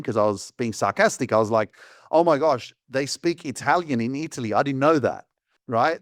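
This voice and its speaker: Male host, animated and sarcastic monologue, mid-pitched, dry close mic. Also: no echo. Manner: animated storytelling, sarcastic asides, frequent fillers. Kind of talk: casual monologue.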